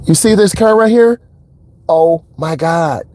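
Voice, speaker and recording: A man talking casually as a driving instructor inside a car, telling stories in a lively way and acting out what people said. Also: slow pace, dry recording. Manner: animated storyteller, acts out quotes in a higher voice. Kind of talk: casual vlog talk.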